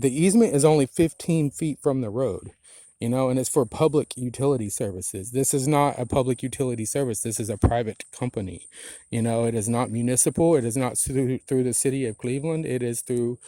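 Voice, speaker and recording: A man's voice: medium pitch, mellow, dry recording. Agitated man ranting outdoors into phone. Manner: agitated, profane, rambling with many "you know"s. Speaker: property owner filming a complaint. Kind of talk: angry handheld vlog rant. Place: outdoors on rural land.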